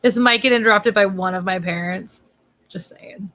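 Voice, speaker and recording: A woman's voice: medium pitch, normal speed, pushed and bright, low-quality recording. A woman author chatting casually on a livestream from home, talking to her dog while she waits for viewers.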